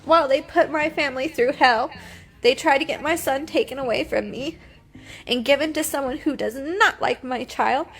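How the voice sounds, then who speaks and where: A woman's voice: sits high, normal speed, fairly bright tone, soft background music. A woman in her twenties, crying as she talks in an upset, defiant livestream monologue on her phone. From United States. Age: 20s. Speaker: reality TV personality.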